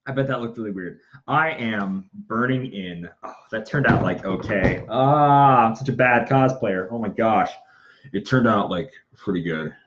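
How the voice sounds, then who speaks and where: A young man livestreams while making a prop in an indoor workshop, chatting casually in a fairly low, unhurried voice. He's self-deprecating and tends to mutter and whisper to himself. The stream audio is muffled, with faint noise.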